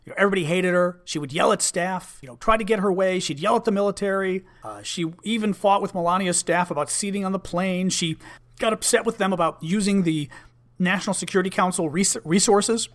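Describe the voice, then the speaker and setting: Brief: blunt, conversational man in his fifties, slightly higher-pitched voice, storytelling to camera. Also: brisk, a bit bright. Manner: candid, conversational, with fillers and restarts, blunt language. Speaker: vlogger, former Senate staffer. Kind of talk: casual storytelling monologue.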